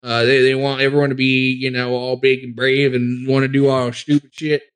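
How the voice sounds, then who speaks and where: A man's voice: mid-range voice, little pitch movement, moderate pace, clean tone, close to an everyday voice. A man voicing a folksy male forest gnome adventurer with a rambling drawl in a tabletop role-play.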